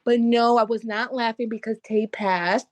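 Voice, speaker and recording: A woman co-hosting a podcast in loose, animated chat, her voice sitting a little high. She curses freely and drops into Spanish mid-sentence, with "like" everywhere. The sound is close and dry. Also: normal speed, no echo. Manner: many fillers of like. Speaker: podcast co-host. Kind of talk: casual chat.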